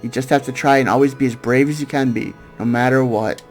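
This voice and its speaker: A man reading a gentle, steady father. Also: mid-range voice, brisk, soft background music, close to an everyday voice. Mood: reassuring. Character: gentle middle-aged Jewish father, calm, steady.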